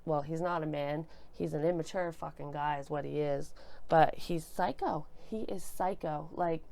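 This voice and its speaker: A woman reads tarot cards as a medium, close on a desk microphone. Her voice sits low and has a gravelly fry. She talks bluntly and emotionally, swearing freely and restarting sentences as she thinks aloud. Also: normal speed, mellow. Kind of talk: casual tarot reading to camera. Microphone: desk microphone she bumps.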